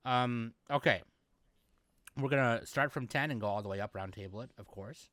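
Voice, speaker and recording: A man's voice: mid-range voice, moderate pace, fairly bright tone, dry recording. A man hosting a podcast in casual chat, goofy and hyped, laughing often as he runs the rundown. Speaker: podcast host.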